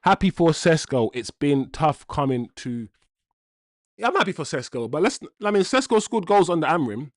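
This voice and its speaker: A man's voice: on the high side, big pitch swings, moderate pace, dry recording, studio quality. A young man hosting a live football watchalong, chatting casually with slang and reading out viewers' comments. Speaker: host.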